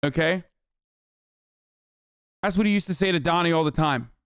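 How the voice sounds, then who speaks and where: A man's voice: on the high side, normal speed, fairly bright tone, clear, resonant tone, dry recording. A man streaming reaction commentary, ranting in a heated, profane and sarcastic way into a close mic. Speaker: live streamer.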